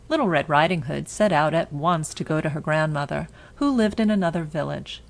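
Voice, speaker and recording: A woman narrating a children's storybook audiobook in a slow, measured reading. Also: sits low, creaky.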